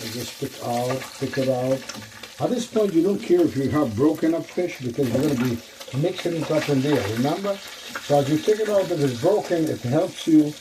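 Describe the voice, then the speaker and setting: A man's voice: a little high, lively intonation, moderate pace, background noise. A man hosting a casual cooking demonstration in his kitchen, chatting to viewers and repeating phrases as he works. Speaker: cooking show host.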